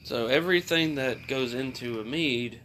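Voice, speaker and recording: A man's voice: medium pitch, moderate pace, a bit bright, a little hiss or hum. A man in casual chat, explaining drinks patiently with many fillers and restarts.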